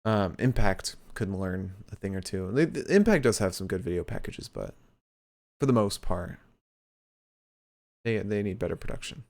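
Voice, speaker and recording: A man's voice: lowish voice, expressive, moderate pace, gravelly, darkish tone. A man co-hosting a podcast, casually recapping wrestling with eager opinions and stammered restarts. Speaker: podcast co-host.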